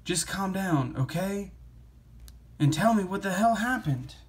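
A blunt young sister from a comic book, worried and scolding, as a man reads her lines aloud. The voice sits a bit high and bright, with no real character put on. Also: animated, unhurried. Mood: exasperated. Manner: comic-book dialogue read aloud, slightly raised.

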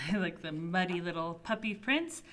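A woman who is a children's librarian leads a toddler storytime in a playful, animated way. She gasps in surprise and drops into hushed asides. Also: on the low side, normal speed, a little hiss or hum.

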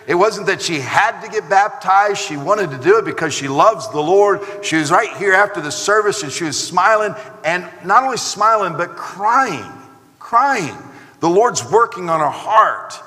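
A man with an American accent preaches in a church, his voice high and bright. He acts out the people he describes with lively asides. The sound carries a long reverb from the hall. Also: normal speed. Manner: animated preaching with acted asides. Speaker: pastor. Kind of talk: sermon. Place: church sanctuary.

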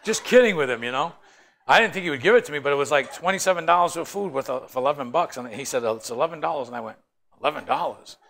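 A man leads a Bible study with a gravelly, slightly high voice. He tells funny everyday stories and keeps asking his listeners questions. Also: expressive, very fast, a bit bright. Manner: joking, storytelling, asks the group questions. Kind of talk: animated Bible study teaching.

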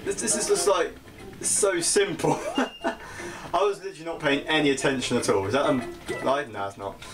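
A young British man chatting casually as he plays a video game, self-mocking and quick to laugh at his own slips. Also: a little high. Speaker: gaming channel host. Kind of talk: casual let's-play commentary. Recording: game music playing behind the voice.

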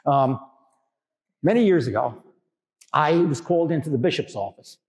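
A man's voice: medium pitch, lively intonation, normal speed, darkish tone. An older man from Brooklyn, a priest telling a folksy story in a chatty sermon full of asides. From Brooklyn, New York. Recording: echoey hall with long reverb.

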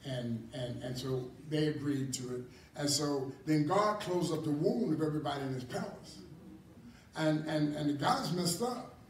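A man preaching a Bible class in a church hall, animated and repetitive, often chuckling. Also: on the high side, moderate pace. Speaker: apostle teaching a ministry class. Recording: echoey hall from far off, faint noise.

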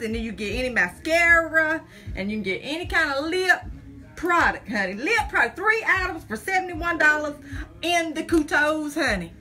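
A woman selling makeup on a live phone stream from home, chatty and a bit jittery, sprinkling "honey" and "child" through every line. Her voice sits high and bright. Faint music plays behind her. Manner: chatty, folksy, says "honey" and "child" constantly; jittery, talks through nerves. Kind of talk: casual live-stream chat.

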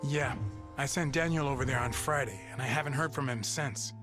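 An actor voicing a calm grown-man supervisor who is a helpful colleague, speaking in a steady, obliging way. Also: mid-range voice, a little fast, lightly acted. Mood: concerned. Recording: game scene with music behind.

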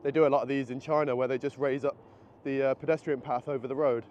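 Filming on a handheld camera, a male travel vlogger narrates casually as he strolls through the city and stops in a convenience store, excited and thinking out loud. His pitch is medium and his pace fast, and he sounds slightly winded. Street noise comes through the muffled outdoor audio.

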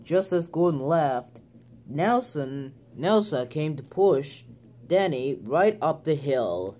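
A man narrating a homemade train story in a slow, halting way with many restarts. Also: a little high, big pitch swings, dark tone.

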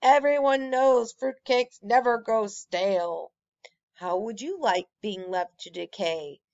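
A woman voicing Inspector Croissant, an anxious, eager young male pastry detective who talks in excitable, earnest exclamations. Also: a little high, slow pace, gravelly, highs cut off.

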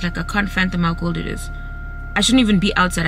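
A young South African woman chatting casually in a vlog, ranting with lively energy. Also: medium pitch, moderate pace, over music. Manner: animated, ranting, switches between English and isiZulu. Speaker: vlogger.

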